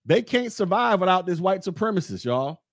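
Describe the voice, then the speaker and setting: A man's voice: high-pitched, big pitch swings, moderate pace, dry recording, clean studio sound. A man hosting a podcast, talking in a blunt, rambling way straight to his listeners. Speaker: podcast host. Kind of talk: casual monologue podcast.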